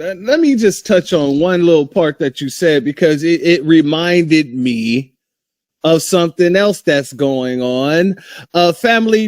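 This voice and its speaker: High-voiced host, rhetorical and animated. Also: male voice, no room sound, clean studio sound. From United States. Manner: animated, rhetorical, asks questions and waits. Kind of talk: casual opinion talk.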